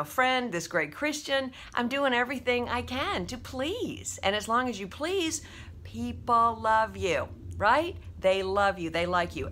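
A woman's voice: mid-range voice, a bit bright, slight background noise. A woman vlogging, emotional and a little teary as she makes a personal confession, hesitant, with many fillers and restarts.

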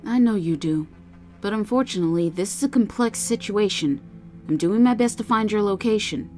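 A woman narrating a first-person horror story, calm and soothing when she speaks as the dispatcher. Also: fairly low pitch. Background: faint music.

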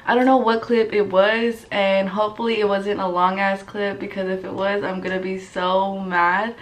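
Filmed in her bedroom during a get-ready-with-me makeup routine, a young beauty vlogger talks in a chatty, blunt way, cursing and using "like" nonstop. Her mid-range voice shows little pitch movement at a moderate pace, and the audio is poor.

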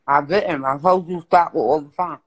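A man's voice: on the high side, normal speed, rough recording. A man, teasing and needling a friend in casual banter at home. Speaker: vlogger.

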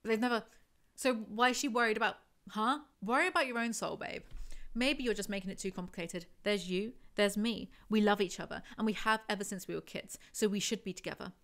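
A woman reviewing a novel, reading passages aloud and then cutting in with sarcastic, over-the-top commentary. Her voice sits at a middling pitch for a woman, and she keeps it casual and conversational. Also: brisk, a bit bright. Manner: sarcastic, exaggerated asides between readings. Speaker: book reviewer.

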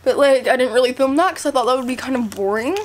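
A woman's voice: high voice, fast talker, slight background noise. A teenage girl chatting casually to her camera at home, often cooing to her baby in a sing-song voice. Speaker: vlogger. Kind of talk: casual vlog talk. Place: home, indoors. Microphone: camera set down nearby.

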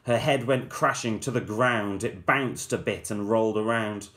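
A male teacher reading a rhyming story aloud to children in a measured, playful storyteller's manner. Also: lowish voice, a bit bright.

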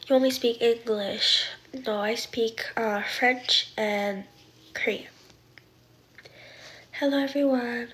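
A woman hosting a casual live stream from her phone, reading viewers' questions aloud and answering them, sometimes dropping into a soft whisper. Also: on the high side, fairly even intonation, a little slow. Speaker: livestream host.

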